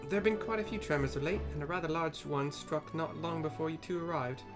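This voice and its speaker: A man voicing a calm, well-spoken woman companion in a game story, in a raised voice. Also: deep voice, a little fast, loud music behind the voice. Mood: informative.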